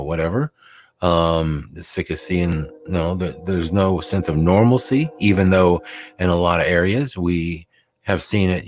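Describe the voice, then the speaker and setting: A man hosting a casual talk show, rambling with many fillers and restarts as he thinks aloud. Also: low-pitched.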